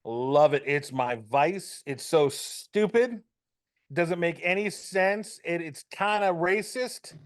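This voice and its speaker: A man's voice: fairly high pitch, takes it slowly. A man co-hosting a casual podcast chat, ranting and joking with profanity. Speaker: podcast co-host.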